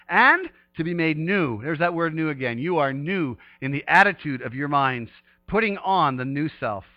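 Male pastor, high voice, fervent sermon delivery, dry muffled sound. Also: no echo. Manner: fervent, swings from hushed to shouting praise.

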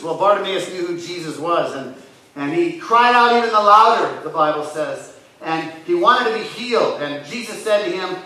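A man preaching as a church pastor, earnest and rising loud when he retells scripture scenes. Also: sits high, expressive, normal speed. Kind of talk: sermon. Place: church sanctuary. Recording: echoey church hall from far off.

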